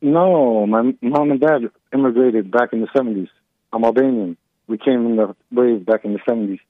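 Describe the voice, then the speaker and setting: A man's voice: mid-range voice, normal speed, dry recording. A man in his forties from upstate New York, calling in and rambling, needling the host and repeating himself. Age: 40s. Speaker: caller. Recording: tinny phone line.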